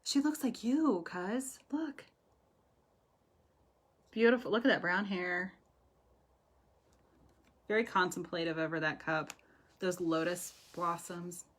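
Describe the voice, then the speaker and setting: A woman's voice: on the low side, takes it slowly, long pauses. A woman giving tarot readings on a live stream, chatty and affectionate, laughing often. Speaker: tarot reader. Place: home, live video stream.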